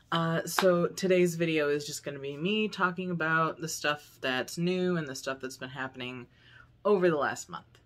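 A man's voice: medium pitch, fairly bright tone. A young man chatting casually to camera at home for his vlog, upbeat and rambling, with lots of fillers. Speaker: vlogger. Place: home room.

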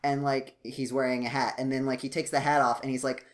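A man co-hosting a casual podcast, rambling with many restarts and fillers, his voice jumping up when he gets excited. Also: brisk. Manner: animated, jumps up in pitch when excited. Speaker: podcast co-host.

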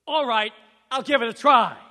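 A man's voice: extremely high pitch, moderate pace, pushed and bright, voice pushed up. A man voicing a frustrated, doubtful young male apprentice, exclaiming in an echoey hall. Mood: exasperated. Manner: exclaiming, exasperated.

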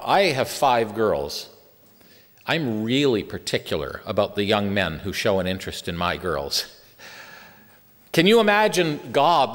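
A middle-aged man preaching a sermon as a Bible teacher, earnest and slowing down to stretch key words for emphasis. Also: medium pitch, a bit bright. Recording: long hall reverb.

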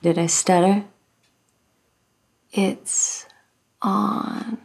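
An actress playing a playful, teasing wife. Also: female voice, lowish voice, measured pace, vocal fry, a little mellow, husky, heavily acted. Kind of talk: film acting.

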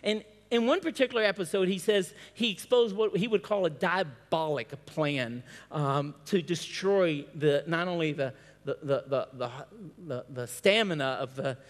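A man with a high voice delivers a sermon as pastor, stacking rhetorical questions and repeating key phrases. He trips over restarts now and then. The sound carries a long reverb from a large hall. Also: normal speed, hardly any pauses. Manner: stumbles and restarts on words. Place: church hall.

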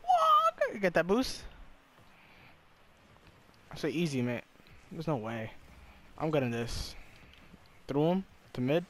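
A young man, the host, chatting casually while gaming, swearing, laughing and yelling sudden high-pitched shouts. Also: lively intonation, unhurried, pauses often, slight background noise.

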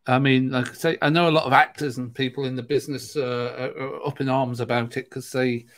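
A man's voice: mid-range voice, flat delivery, fairly quick, fairly bright tone. A middle-aged man co-hosting a casual chat, rambling and hesitant with lots of fillers. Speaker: podcast co-host.

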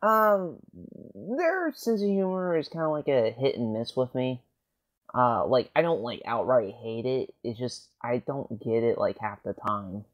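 A man's voice: medium pitch, lively intonation, unhurried, dull audio. A young man co-hosting a casual podcast, blunt and dryly teasing. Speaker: podcast co-host.

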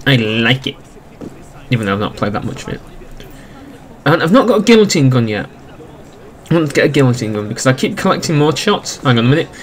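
A man's voice: mid-range voice, very animated, fast talker, pauses often. A young man giving casual, sarcastic commentary while playing a video game, ranting about its flaws. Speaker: gaming YouTuber.

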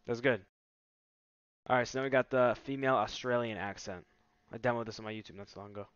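A man hosting a casual product demo, talking in a relaxed, enthusiastic, salesy way. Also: medium pitch, fast, clean tone, dry recording. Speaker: tech vlogger host. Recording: slightly muffled dry recording.

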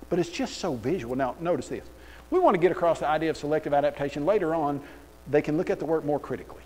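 A man's voice: fairly high pitch, fast. Sarcastic preacher, man, reverberant hall. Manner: animated, sarcastic storytelling. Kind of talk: sermon. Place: church auditorium.

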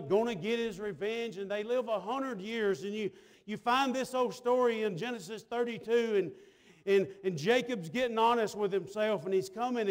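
A man preaching a sermon in a church, folksy and telling stories, his voice dropping to a hush and rising loud. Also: high-pitched. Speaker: pastor. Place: church sanctuary.

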